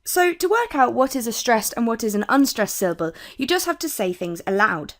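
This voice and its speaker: A woman's voice: a little high, sing-song. Young woman tutor explaining poetry. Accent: British English. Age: young adult. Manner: clear, measured teaching with quoted lines read slowly.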